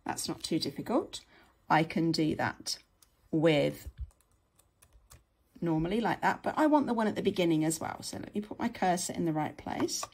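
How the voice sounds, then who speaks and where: A woman's voice: lowish voice, expressive, moderate pace, pauses often, a little mellow, breathy edge. A woman, teaching patiently and step by step in a screen-share tutorial. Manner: patient, step-by-step, frequent "okay".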